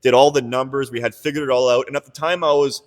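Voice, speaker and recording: A man's voice: medium pitch, steady tone, quick pace. A young man from Canada telling his business story in casual podcast chat, rambling and candid, full of restarts, filler words and the odd swear. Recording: reverberant room.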